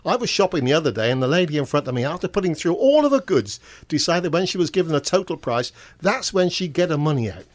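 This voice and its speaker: An older man telling stand-up jokes in a deadpan way, chuckling at his own punchlines. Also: on the high side, quick pace, few pauses. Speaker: stand-up comedian and show compere.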